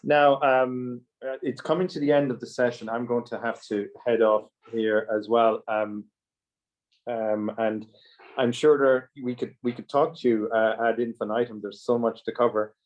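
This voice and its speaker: A man hosting an online Q&A, speaking haltingly with many restarts. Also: mid-range voice, flat delivery. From Ireland. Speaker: host. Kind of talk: online talk Q&A. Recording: dull lo-fi audio.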